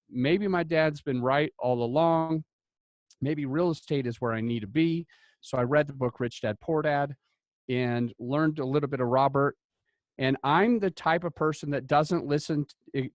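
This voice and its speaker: A man from Utah tells stories as a podcast guest, animated and chatty, with plenty of "like" fillers. His voice sits a bit higher than most men's. The sound is close and dry. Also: moderate pace, no echo. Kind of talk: casual interview storytelling.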